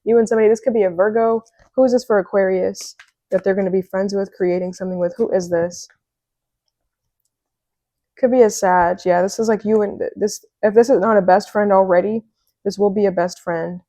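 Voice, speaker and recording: A woman giving a casual, excitable tarot reading, chatty and full of fillers. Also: medium pitch, fairly quick, no echo. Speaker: tarot reader.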